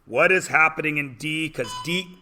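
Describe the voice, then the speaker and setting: A man's voice: fairly high pitch, moderate pace, sharp tone. A man in his forties teaching a math class in a classroom, chatty and joking with his students. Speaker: high school math teacher. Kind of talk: classroom lecture.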